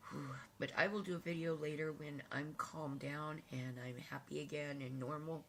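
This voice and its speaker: A woman with a low voice talks tearfully to her channel's viewers, halting often and filling pauses with ums. Her speech is emotional and unpolished, a casual vlog. A faint hiss sits under the recording. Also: steady tone. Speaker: vlogger.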